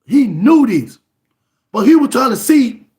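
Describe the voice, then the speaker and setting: A man preaching an emphatic sermon, repeating words and breaking into shouts. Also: very high-pitched, very animated, measured pace. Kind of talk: fiery sermon.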